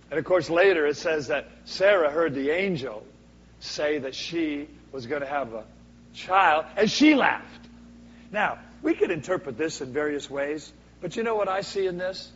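A man preaching a sermon as a guest speaker, swinging from booming to hushed for dramatic effect. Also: lively intonation, measured pace, breathy edge. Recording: echoey hall, dull lo-fi sound.

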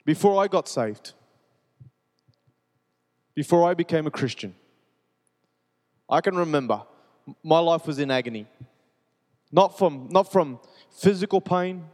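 A male pastor gives a sermon with personal testimony inside a large hall whose long reverb trails his words. His voice is on the high side, measured and frequently paused, with an earnest, repetitive cadence moving between soft and urgent.

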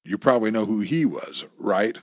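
A man voicing a cocky, menacing male gunman who taunts his captives in a gruff voice, in a dry recording. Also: lowish voice, normal speed, no room sound, natural voice. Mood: gruff taunting.

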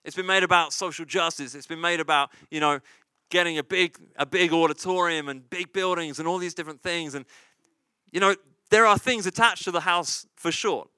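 A man with a fairly high, sharp, smooth voice speaks a little fast with no echo. He's a pastor delivering a sermon in a conversational way, often saying "right?" and "you see" and repeating key lines for emphasis.

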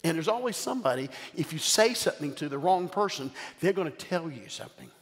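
An older man, a bishop, preaching a sermon with animated storytelling and call-outs to the congregation. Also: on the high side, quick pace. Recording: long hall reverb.

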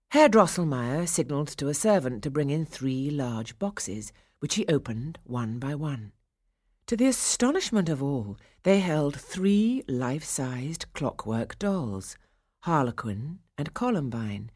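Low-voiced woman narrating a storybook. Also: dry recording, studio quality. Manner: expressive, measured storytelling.

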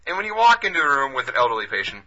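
A man co-hosting a podcast, telling a long story in a laid-back, profane, deadpan way. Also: mid-range voice, racing. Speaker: podcast co-host. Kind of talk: casual storytelling chat. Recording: dull lo-fi podcast audio.

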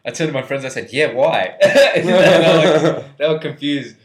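A man's voice: fairly high pitch, moderate pace. A man telling a crude story in casual podcast chat, laughing often and swearing freely. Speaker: podcast co-host. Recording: echoey room.

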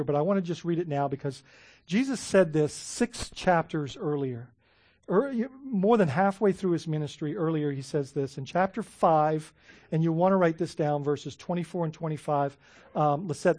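A man preaching a sermon as a pastor, animated, often restarting words and laughing as he talks. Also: on the high side, no echo, studio quality.

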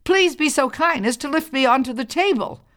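Woman voicing a talking bread, storybook, polite, formal, piping high. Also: expressive, normal speed, fairly bright tone.

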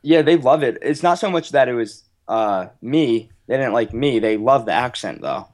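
A man's voice: mid-range voice, animated, moderate pace, darkish tone. Casting: young man, Philly accent, casual podcast guest, rambling and self-mocking. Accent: Philadelphia. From United States.

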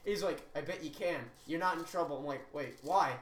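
A man's voice: a little high, fast, fairly bright tone. A young man co-hosting a casual podcast, telling stories with lots of swearing and acting out the people he quotes. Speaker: podcast co-host. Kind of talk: casual chat. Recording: echoey room, distant mic, faint noise.

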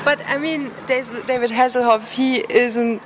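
A woman's voice: on the high side, fairly even intonation. Brief: German tourist woman, giggly, crowd chatter around her outdoors. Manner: giggly, quick agreeing replies. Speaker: interviewee, tourist. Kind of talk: casual outdoor chat.

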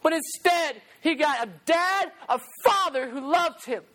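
Young man, high voice, animated youth sermon, laughs a lot, slangy. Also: measured pace. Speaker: youth preacher. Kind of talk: casual storytelling sermon.

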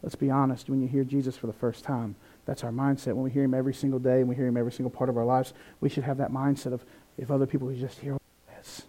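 A man preaching a sermon, animated, acting out quoted voices with big swings in pitch and loudness. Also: rapid-fire. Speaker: pastor.

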